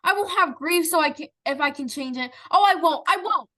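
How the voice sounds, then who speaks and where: Woman reading bitter grieving wife, high bright voice, impassioned. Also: fairly quick. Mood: anguished. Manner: impassioned, rising into anguished outbursts.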